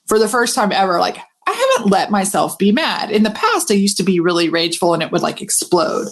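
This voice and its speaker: A woman, a business coach telling a casual, animated story to her audience and swearing freely. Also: mid-range voice, fairly quick, hardly any pauses. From Texas.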